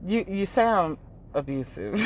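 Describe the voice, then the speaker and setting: A woman's voice: mid-range voice, big pitch swings, slow. A woman vlogger ranting casually in an exasperated, mocking tone, laughing often and breaking into quoted impressions. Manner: imitates others in quoted asides. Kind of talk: casual reaction rant.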